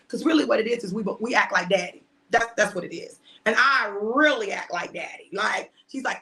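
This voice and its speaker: A middle-aged woman preaching informally to her online audience, shouting and emphatic at times, then reflective and personal. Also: mid-range voice, fairly quick, hardly any pauses. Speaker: preacher and host.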